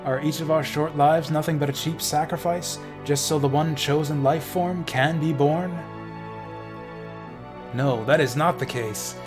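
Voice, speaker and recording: A man streaming a game, reading its dialogue aloud in a dramatic way and drifting into casual, profane asides. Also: fairly high pitch. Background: faint game music.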